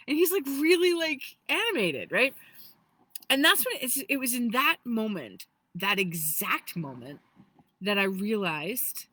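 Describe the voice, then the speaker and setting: Animated woman in her forties, lively pitch. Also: a little slow. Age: 40s. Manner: animated, rambling, with restarts and self-corrections. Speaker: energy healer. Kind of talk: casual spiritual talk.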